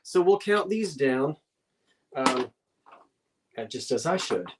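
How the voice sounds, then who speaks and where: An older woman with a New Jersey accent hosts a live online antiques sale, rambling chattily to herself and her viewers as she goes. Her bass voice is animated and slow, heard over music.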